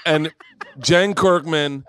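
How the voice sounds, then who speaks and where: A middle-aged man hosting a live podcast, rambling loudly through stories, swearing and laughing. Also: on the high side, slow. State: tipsy. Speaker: podcast host. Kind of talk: live podcast comedy storytelling. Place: brewery stage before a live audience.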